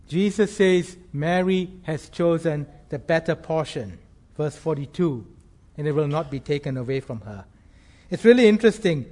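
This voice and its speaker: Male preacher with a fairly high voice, earnest and measured, leaning on key phrases. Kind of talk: sermon.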